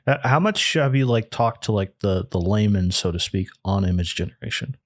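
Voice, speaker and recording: A man's voice: lowish voice, animated, fairly quick, no echo, studio quality. A man co-hosting a podcast in casual chat, rambling and restarting often. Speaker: podcast co-host.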